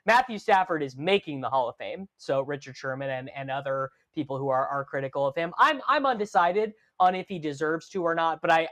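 A man hosting a sports radio show, running through headlines briskly and chatting with his co-host. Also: fairly high pitch, fairly bright tone.

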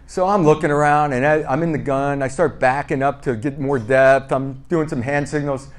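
A man's voice: medium pitch, normal speed. Man playfully retelling old stories. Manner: lively, re-enacts dialogue with "I go, he goes"; self-deprecating and playful. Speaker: podcast guest. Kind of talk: casual anecdotal storytelling.

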